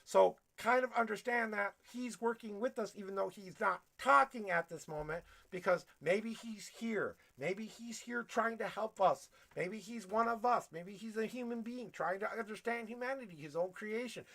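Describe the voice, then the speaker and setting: A man giving a blunt, profane tarot reading on a livestream, preaching at his viewers and working himself up to yelling. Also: sits high, normal speed, creaky, few pauses. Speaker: tarot reader.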